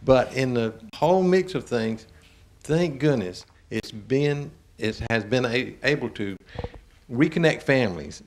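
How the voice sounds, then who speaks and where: An older man from Georgia, hosting a talk show and telling a family story in a folksy, animated way with chuckles. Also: medium pitch, unhurried. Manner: animated, chuckling, drawling Southern speech.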